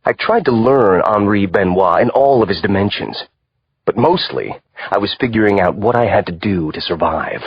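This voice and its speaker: A man reading a thriller audiobook aloud in a measured, expressive way. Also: on the low side, breathy edge, dry recording, lo-fi sound. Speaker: audiobook narrator. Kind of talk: scripted narration.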